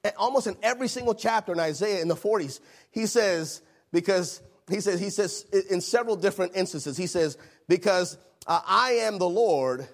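Male preacher, high gravelly voice, animated sermon delivery with repeated phrases. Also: moderate pace.

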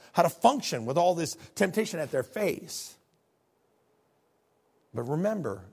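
A man preaching a sermon with earnest fervor, repeating words as he builds a point and swinging between quiet and loud passages. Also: fairly high pitch, vocal fry. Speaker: pastor.

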